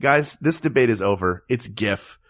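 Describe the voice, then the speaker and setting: A man's voice: mid-range voice, animated, normal speed, a bit bright. Laughing, bantering podcast co-host man. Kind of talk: casual comedic chat.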